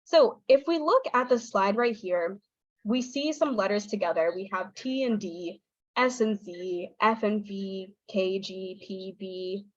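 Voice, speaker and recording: A woman presenting a pronunciation lesson online, explaining sounds clearly and acting out her students' replies. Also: medium pitch, unhurried, no echo, muffled recording. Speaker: teacher trainer. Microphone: video call.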